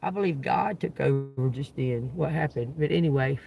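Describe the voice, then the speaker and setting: A man hosting a live stream, telling a story to viewers in a profane, animated way and acting out the voices. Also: medium pitch, moderate pace, gravelly. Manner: animated, profane, laughs often, acts out voices.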